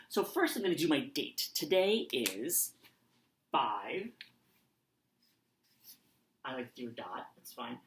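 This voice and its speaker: A low-voiced woman teaches young children, her pitch rising and falling a lot. She speaks slowly, saying each word aloud as she writes it. The sound carries a roomy echo. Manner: slow, dictating aloud while writing. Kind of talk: online lesson for children.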